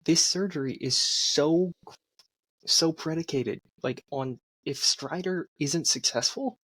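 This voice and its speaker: A man's voice: on the high side, takes it slowly, a bit bright, breathy edge. A man co-hosting a casual sports podcast, rambling as he makes his points. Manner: rambling, many fillers and restarts while making points. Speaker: podcast co-host.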